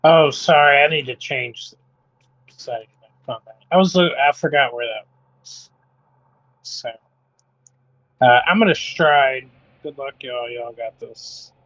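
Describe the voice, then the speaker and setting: Slow-talking man, dry call audio. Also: mid-range voice, a bit bright, dry recording, muffled recording. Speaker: player.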